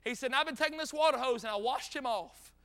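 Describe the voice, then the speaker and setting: A man's voice: very high voice, fast, clean tone. A middle-aged man with a North Carolina Southern accent, preaching a folksy revival sermon full of stories and joking asides. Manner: folksy, joking asides, rising to shouted peaks.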